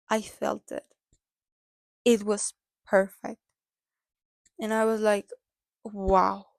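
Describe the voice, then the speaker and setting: A woman in the middle of her range talks her viewers through a movie in a casual, excited way. She leans on "like" and "literally" and speaks as a dancer. The sound is dry and close, with no room echo. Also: medium pitch. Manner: chatty and gushing, with lots of "like" and "literally"; dancer talking from personal experience. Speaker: movie review vlogger.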